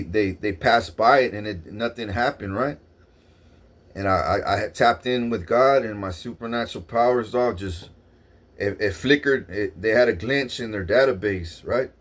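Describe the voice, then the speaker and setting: A man's voice: fairly low pitch, moderate pace. A man vlogging a long rambling story in the first person, swearing often and restarting his sentences. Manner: profane, repetitive restarts, excitable.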